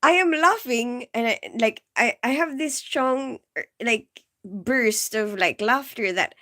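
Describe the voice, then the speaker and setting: A woman's voice: a little high, slow pace, pushed and bright. A woman chatting casually on a live stream, giggly and rambling, filling her talk with "like" and "you know". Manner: giggly, keeps bursting into laughter.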